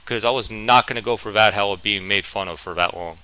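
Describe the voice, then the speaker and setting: A young man from New Jersey telling a storytime vlog, with a halting, stammering, self-deprecating manner. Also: lowish voice, pushed and bright, clean tone, poor audio. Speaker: vlogger.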